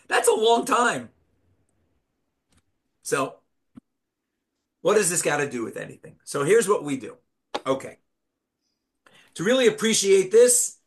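A man giving a Torah class, telling a parable with animated storytelling and rhetorical questions. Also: a little high. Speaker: rabbi teaching Torah.

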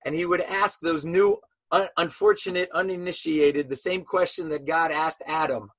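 A man's voice: a little high, steady tone, moderate pace, a bit bright. A man teaching a Torah lesson as a sermon, telling stories animatedly and asking rhetorical questions.

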